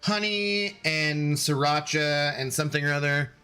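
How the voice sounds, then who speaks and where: A man's voice: on the high side, measured pace, sharp tone, clean tone, faint music behind. A man streaming a game, rambling casually and answering viewers' chat messages as he plays. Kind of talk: casual live-stream chat while gaming.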